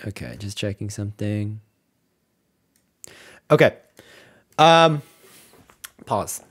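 A man's voice: fairly low pitch, animated, slow. A man streaming a game, talking casually in a rambling, hesitant way with many fillers. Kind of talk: casual live-stream commentary.

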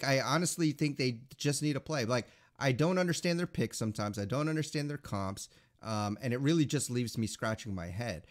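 A man co-hosting a podcast in casual chat, rambling with lots of filler words. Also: fairly high pitch. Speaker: podcast co-host.

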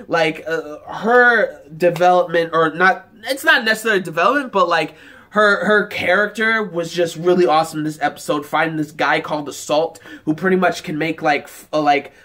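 A man's voice: high voice, sharp tone. A man giving a casual, rambling, enthusiastic episode review, with lots of "like" fillers. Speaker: anime reaction reviewer.

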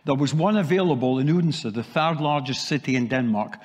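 A man's voice: medium pitch, expressive, brisk. A middle-aged man with a slight Scottish accent gives a chatty conference talk and tells his story with occasional restarts. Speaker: keynote speaker. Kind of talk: conference presentation. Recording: long hall reverb.

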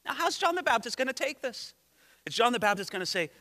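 A pastor delivers a lively, conversational sermon in a strikingly high, bright voice. His pitch swings widely as he tells the story. The sound carries a long reverb from the church sanctuary. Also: fast talker. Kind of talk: expository sermon.

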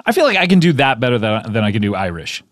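A man's voice: medium pitch, very animated, fast, no room sound. A man hosting a comedy podcast in a studio, riffing playfully and repeating words for laughs. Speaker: podcast host. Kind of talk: casual comedy banter.

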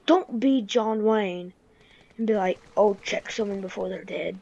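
A woman giving casual gameplay commentary, grumbling and reacting excitably to the game. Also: medium pitch, measured pace. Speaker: gamer. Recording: dull lo-fi recording.

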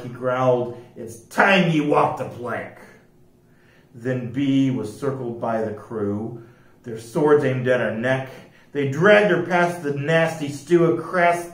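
A man reading picture books aloud as library storyteller, with a slow, lively rhyming delivery. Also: mid-range voice. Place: library room. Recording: echoey room, distant mic.

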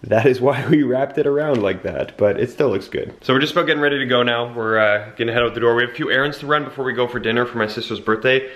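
A man's voice: mid-range voice, fast talker, few pauses, a bit bright. A young man casually vlogging to a handheld camera outdoors in the snow and at home, chatty and at times out of breath. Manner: chatty, breathless after shoveling. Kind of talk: casual vlog chat.

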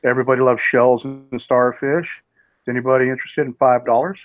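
A man's voice: medium pitch, little pitch movement, fairly quick, dry recording. A man hosting a live online auction, calling bids and greeting chat viewers by name. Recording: tinny phone-like sound, dry.

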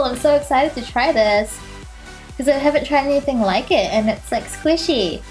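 Young woman beauty vlogger, bubbly and gushy, kinda high voice, faint music under it. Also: moderate pace, a little mellow. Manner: bubbly and gushing, many fillers. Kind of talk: casual vlog, unboxing.

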